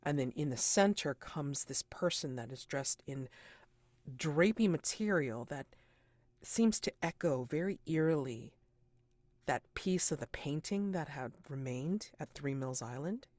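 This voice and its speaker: A woman narrating as game master of a tabletop role-playing game, deliberate and dropping to a hush for suspense. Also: low-pitched, expressive, no echo.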